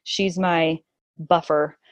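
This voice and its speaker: A woman in her thirties telling the story of giving birth in a casual chat, animated and emotional, laughing often and near tears. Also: takes it slowly, creaky, no room sound. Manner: animated, laughs often, acts out quotes in a high voice.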